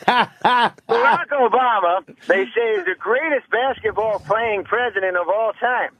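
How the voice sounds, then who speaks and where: High-voiced man telling profane stories by phone. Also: fairly bright tone, dry recording, poor audio. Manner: profane, rapid, keeps acting out other people's lines. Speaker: phone-in comedian guest. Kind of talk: animated phone-in storytelling. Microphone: phone line.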